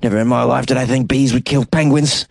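Guy doing a confused south african bird expert, mock serious, kinda halting, dry sound. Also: medium pitch, steady tone, creaky, no echo. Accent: attempted South African. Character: earnest male bird conservationist, puzzled.

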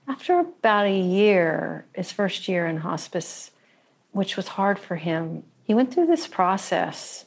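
A woman in reflective conversation who speaks thoughtfully and hesitantly, with many pauses and fillers. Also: mid-range voice.

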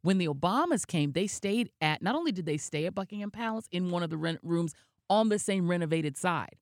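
Lively-voiced woman co-hosting a chat show. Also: on the low side, fairly quick, dry recording, studio quality. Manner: animated storytelling, gossipy asides. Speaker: podcast co-host. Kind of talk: casual chat.

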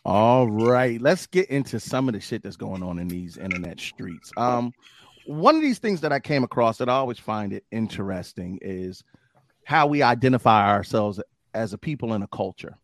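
A young adult man hosting a podcast in casual chat, animated and hype with plenty of slang. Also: lowish voice, normal speed, vocal fry, dry recording, studio quality. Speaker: podcast host.

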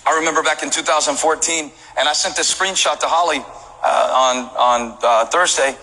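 A man preaching a sermon as pastor, mixing joking stories with rising shouted appeals to the congregation. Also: on the high side, fairly even intonation, normal speed, low-quality recording. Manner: storytelling that builds to shouted preaching; jokey asides with laughs. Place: church service.

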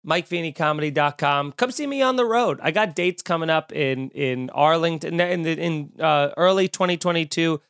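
A man, a stand-up comedian hosting a podcast, telling a story in a casual, animated and self-mocking way, with lots of swearing. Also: on the high side, normal speed, hardly any pauses, clear, resonant tone, dry recording, studio quality.

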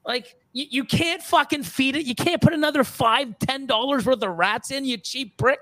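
With a crowd audible in the background, a middle-aged podcast guest, a reptile breeder, vents furiously and profanely in casual conversation. His pitch is very high and his speed normal, and he keeps restarting and repeating himself.

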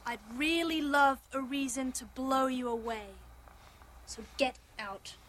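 A cold, armed woman delivers a threat, slowly and in a high voice. Faint background noise hums under the clip. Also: fairly bright tone. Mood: menacing. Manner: slow, menacing.

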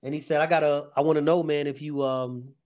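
A man's voice: a little high, fairly even intonation, a little fast, darkish tone. Earnest middle-aged man telling his story. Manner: earnest storyteller, faith-driven, with fillers and vivid retelling. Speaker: guest, security company owner. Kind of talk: casual podcast testimony.

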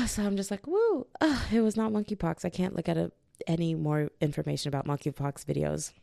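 A young woman hosts her own podcast, spinning a rambling personal story with lots of asides. Her voice sits low and has a gravelly edge. The sound is dry and close, with no room around it. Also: dry recording. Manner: animated, rambling, full of asides and tangents. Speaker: podcast host. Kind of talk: casual storytelling monologue.

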